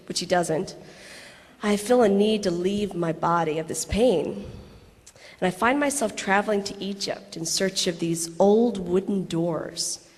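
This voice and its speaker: A woman in her thirties reading a personal story aloud to a convention audience, lively, with laughing asides. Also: mid-range voice, in a large hall. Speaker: actress reading a personal letter on stage. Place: large convention hall.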